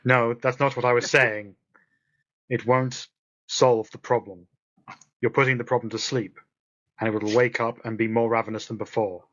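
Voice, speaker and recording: A man playing a tabletop game, earnest and measured. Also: medium pitch, level tone, a bit bright, lo-fi sound. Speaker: player. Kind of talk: tabletop game play over voice chat.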